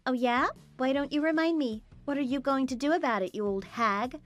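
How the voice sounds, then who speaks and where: A woman's voice: high voice, brisk, faint music behind, lightly acted. Woman voicing a defiant young daughter-in-law. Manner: blunt and talking back. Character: young wife, worn down then defiant. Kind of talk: dramatized story voice acting.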